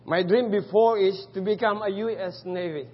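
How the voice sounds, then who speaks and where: A man's voice: high-pitched, normal speed, a little hiss or hum. A man with a Filipino accent giving an earnest, emphatic testimony sermon as a missionary preacher. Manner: earnest and emphatic, rising to fervent peaks. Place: church sanctuary. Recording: echoey church hall, dull lo-fi audio.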